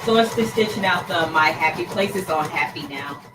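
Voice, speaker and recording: A woman's voice: low voice, normal speed, noisy background. Chatty woman livestreaming from her craft room. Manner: chatty, expressive, talks to viewers by name. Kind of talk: casual livestream chat with viewers.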